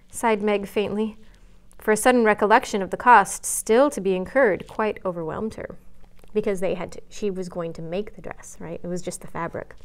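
A librarian reading a classic novel aloud at story time, gently expressive, pausing now and then for a quick aside. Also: female voice, mid-range voice. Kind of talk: read-aloud storytime narration.

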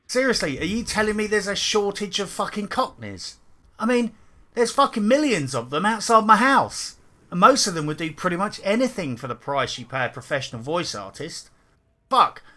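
A man's voice: on the high side, sharp tone. A man delivering a scripted game review as a sarcastic, profane and indignant rant.

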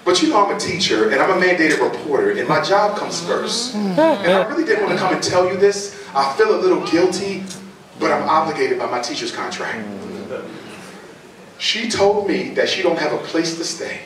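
A man's voice: high-pitched, sing-song, moderate pace, fairly bright tone, pitched below the performer's own voice. A man voicing a schoolteacher woman who gushes with fake sympathy and then tattles to her principal. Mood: tattling. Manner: syrupy, sentimental, tattling. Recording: echoey hall heard from far off, audience.

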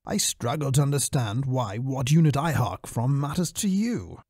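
A man's voice: mid-range voice, expressive, moderate pace, a little mellow, no echo, clean studio sound. A man voicing a stiff, proud military colonel who speaks in a posh, clipped, formal way.

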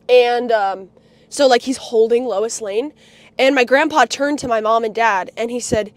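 A woman's voice: a little high, takes it slowly, long pauses, no room sound. A young woman livestreamer ranting bitterly, full of profanity and heated outbursts. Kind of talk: livestream rant.

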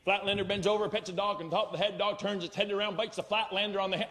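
Vermont guy doing standup, folksy drawl, higher voice, big hall echo. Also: level tone, fast, few pauses, fairly bright tone. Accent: rural Vermont. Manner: folksy, drawling, rural grammar. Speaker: stand-up comedian. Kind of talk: live stand-up comedy. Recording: live hall with long reverb.

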